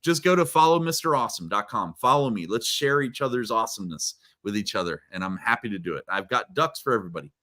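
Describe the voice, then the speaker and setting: A man telling stories as a guest in a live video interview, energetic and playful. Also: fairly low pitch, quick pace, hardly any pauses. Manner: energetic, playful, many restarts. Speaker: guest, keynote speaker. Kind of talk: animated storytelling in a live interview.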